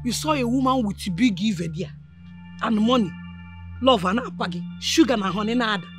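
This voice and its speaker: A woman's voice: fairly high pitch, lively intonation, normal speed, music in the background, natural voice. An actress with a Nigerian accent playing an older mother who scolds and mocks her son, laughing between taunts. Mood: gloating. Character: mocking scolding Nigerian mother, loud and gloating.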